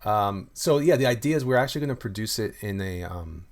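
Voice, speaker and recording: A man's voice: on the low side, expressive, brisk. A man who makes comics chatting casually on a live stream, rambling with many restarts while he shows his artwork and reads viewer comments. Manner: rambling, many restarts and fillers, loose and friendly. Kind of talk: casual livestream chat reading viewer comments.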